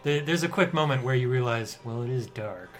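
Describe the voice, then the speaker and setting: Casual male game master describing scenes over loud background music. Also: medium pitch, brisk. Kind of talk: narrating a tabletop horror game.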